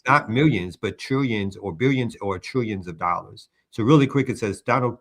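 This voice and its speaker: A man's voice: fairly low pitch, moderate pace, a bit bright. A man hosting a morning show, talking through a news story in an earnest, discursive way. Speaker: news commentary host. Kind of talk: political news commentary.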